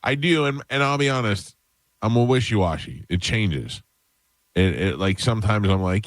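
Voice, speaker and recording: Low-voiced man hosting morning radio. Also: animated, brisk, no echo. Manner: loose, rambling, joking. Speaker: radio show host. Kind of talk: casual morning radio banter.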